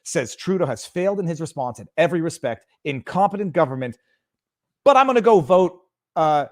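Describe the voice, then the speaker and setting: A man's voice: on the high side, darkish tone. Heated man ranting on a livestream. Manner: heated and sarcastic, rising to outrage. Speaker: livestream political commentator. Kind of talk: impassioned political rant on a livestream.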